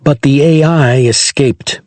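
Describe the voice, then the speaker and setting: A male narrator voicing a calm, cautious woman in a science fiction audiobook. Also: medium pitch, slow pace, dry recording, lightly acted. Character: calm woman, sister of an alien.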